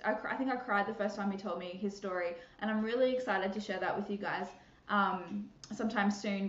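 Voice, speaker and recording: Woman, podcast host, chatty, giggly, echoey room, muffled sound. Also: mid-range voice. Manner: bubbly, laughs often, many fillers and restarts. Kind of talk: casual Christian podcast chat.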